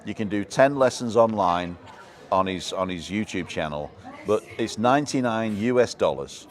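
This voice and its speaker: A low-voiced man hosts a casual live stream. He rambles through his points in a chatty way and is quick to laugh. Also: animated. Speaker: live show host.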